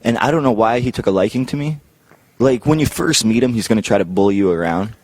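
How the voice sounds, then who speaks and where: A man's voice: fairly low pitch, fast, darkish tone, no room sound. A young man, a professional wrestler, telling anecdotes casually in an interview and chuckling often.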